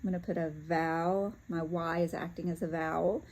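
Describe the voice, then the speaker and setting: A woman teaching a lesson, talking through each step calmly as she works, with occasional fillers and self-corrections. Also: lowish voice, a little fast, rough recording. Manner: talks to herself while working through steps, with fillers. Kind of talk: step-by-step classroom demonstration.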